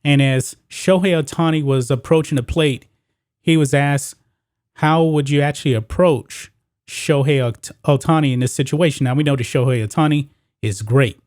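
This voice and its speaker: A man's voice: on the high side, normal speed, a little mellow, no echo, studio quality. A man hosting his own sports commentary video, talking straight to viewers and reading news quotes aloud.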